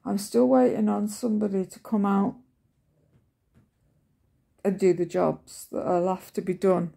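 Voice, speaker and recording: Slow gravelly woman chatting. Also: mid-range voice, warm tone. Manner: chatty, coos in baby talk to the cat. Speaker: vlogger. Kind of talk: casual chat to camera while petting cats. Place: home, indoors.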